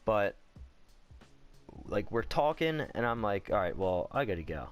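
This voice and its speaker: A young man with a lowish voice tells a personal story in a relaxed storytime vlog. He talks candidly and rambles, swearing freely and saying "like" a lot. Faint music plays behind him. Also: unhurried. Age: young adult. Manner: candid, profane, rambling, heavy on "like".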